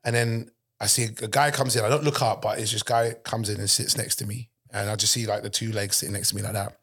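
A man's voice: lowish voice, steady tone, fast, fairly bright tone, breathy edge. A man hosting a casual podcast, jokey and slangy, chipping in often and telling his own stories. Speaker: podcast host. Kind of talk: casual banter.

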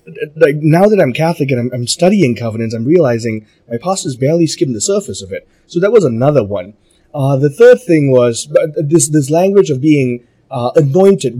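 Animated Malaysian-accented man. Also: on the high side. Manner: animated, repeats words, laughs easily. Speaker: guest. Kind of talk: conversational interview.

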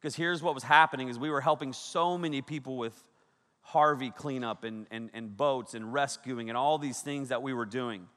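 A man in his thirties, a youth pastor preaching a sermon, telling stories with animated energy, shouting out quoted lines and laughing often. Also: medium pitch, moderate pace. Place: large hall with a big audience. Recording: echoey hall with long reverb.

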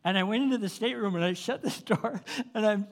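A man preaching, telling a story in an animated way, with frequent restarts and chuckles. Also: high voice, quick pace. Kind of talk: sermon storytelling.

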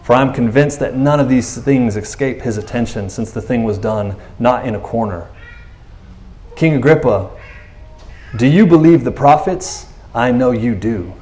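A man's voice: medium pitch, a little slow, dark tone, lightly acted. A preacher voicing an earnest male apostle pleading his case before a king, heartfelt and plain-spoken. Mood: calm appeal. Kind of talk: retelling scripture in a sermon.

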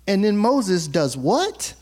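Lively high-voiced pastor preaching casually. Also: male voice, slow pace. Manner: conversational, playful, acts out quotes, laughs often. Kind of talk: sermon.

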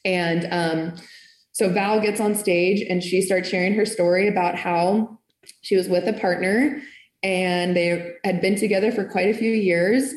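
A woman's voice: on the low side, steady tone, a little slow. A woman giving a casual personal faith testimony, earnest and emotional, with lots of "like" in her speech. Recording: echoey room.

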